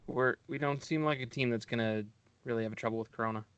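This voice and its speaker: A man's voice: medium pitch, fast, fairly bright tone, smooth, dry recording. A man making blunt, offhand remarks on a sports podcast. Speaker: podcast co-host. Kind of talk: casual chat.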